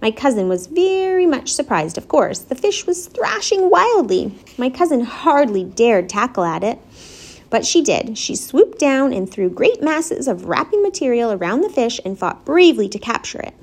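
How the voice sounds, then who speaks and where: A woman voicing a wise, kindly female barn spider in a storybook reading, speaking in a gentle but firm, patient way. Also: on the high side, sing-song, normal speed, pitched above the performer's own voice.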